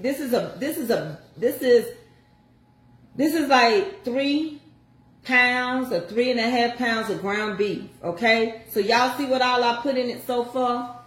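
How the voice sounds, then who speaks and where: A woman's voice: medium pitch, roomy sound. An older woman chatting folksily to viewers as she walks through a home recipe. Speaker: home cook showing a recipe. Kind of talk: casual cooking chat.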